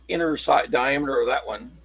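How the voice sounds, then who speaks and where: A man chatting casually on a livestream, showing his locksport tools in a halting, rambling way. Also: medium pitch, vocal fry, a bit bright, slightly rough, no room sound, rough recording. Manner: halting, rambling show-and-tell.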